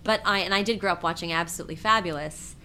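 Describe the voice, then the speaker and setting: A woman with a husky voice talks animatedly as an interview guest. Her tone is bright and ringing, and she sits a touch low in pitch. She laughs easily between her points. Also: fast. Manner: animated, chatty, laughs often. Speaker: guest, impressionist and singer. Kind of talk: casual interview chat.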